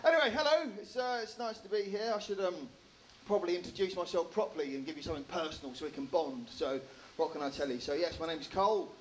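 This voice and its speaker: An English man in his thirties does stand-up with a dry, self-mocking delivery. He talks slowly and deliberately, his voice sitting a little high for a man. Faint room noise from the venue sits under his voice. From England. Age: 30s. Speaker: stand-up comedian. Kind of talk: stand-up comedy set. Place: comedy club stage with a live audience.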